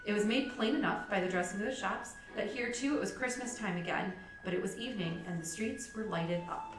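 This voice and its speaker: A woman's voice: mid-range voice, brisk. Woman reading a classic aloud. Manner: steady reading, chatty and giggly in asides. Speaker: library podcast reader. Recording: roomy sound from a distant mic with music.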